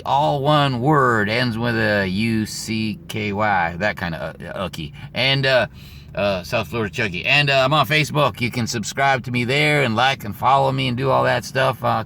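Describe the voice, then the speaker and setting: A man's voice: medium pitch, creaky, pushed and bright. A male comedian giving a rambling, crude comic monologue with lots of fillers. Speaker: comedian and comic country singer. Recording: noisy with traffic behind.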